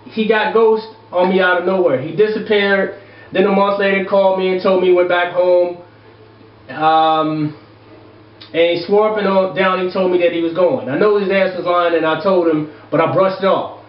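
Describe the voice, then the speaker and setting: Guy reading viewer letters and going off, loud and fed up, swears a lot, echoey room, kinda muffled audio. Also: high-pitched, fairly even intonation, normal speed, recorded from a distance. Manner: exasperated, loud, profane ranting. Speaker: advice show host. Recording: echoey room, dull lo-fi sound.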